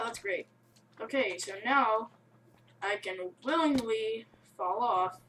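A young woman giving excitable, rambling let's-play commentary on her game, breaking into yelps. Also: a little high. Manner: excitable, rambling, bursts of yelling. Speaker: gamer. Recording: distant mic with faint hiss.

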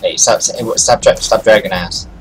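Man, gaming streamer, lowish voice, trash-talking, loud game music behind. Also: moderate pace, low-quality recording. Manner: taunting, trash-talking opponents. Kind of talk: casual gameplay commentary.

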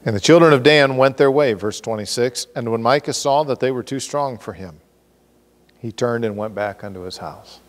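A man preaching an expository sermon as pastor, animated and acting out scripture characters with comic exasperation. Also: medium pitch, moderate pace, in a large hall. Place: church sanctuary.

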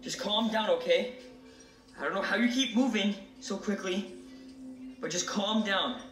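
A man's voice: high voice, measured pace, a bit bright. Guy doing a spooky vlog, keeps talking to the viewers, kinda far from the mic, echoey room with music going. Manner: jumpy, addresses viewers as guys. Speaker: video creator. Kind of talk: scripted haunted-doll vlog. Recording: roomy, distant, music underneath.

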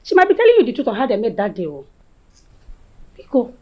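A Nigerian actress playing a loyal friend who pleads and soothes, mixing in Pidgin. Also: female voice, fairly high pitch, wildly swooping pitch, fast talker, highs cut off. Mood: pleading. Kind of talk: film acting.

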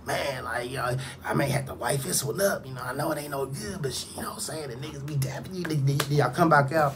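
A man's voice: a little high, fast talker, vocal fry, background noise. A man hosting a reaction channel, riffing loosely in slang and acting out quotes. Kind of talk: casual reaction commentary.

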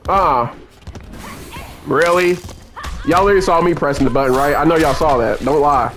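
A young man commentating his own fighting-game run, cursing and swinging between low muttering and loud outbursts at the game. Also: moderate pace, long pauses, slight background noise. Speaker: gaming streamer. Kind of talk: live gameplay commentary.

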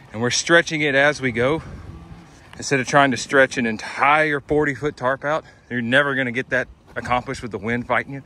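A man casually vlogging as a roofing contractor, chatting easily while eating and working outdoors. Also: mid-range voice. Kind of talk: casual vlog talk to camera. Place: outdoors by a car and on a roof, wind and traffic around. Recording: loud outdoor noise behind.

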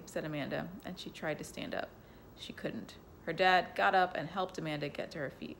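A woman reads a children's bedtime story aloud at home and drops in casual asides to the listener. Her voice is low-pitched and gravelly. Her manner is gentle and unhurried. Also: slight background noise.

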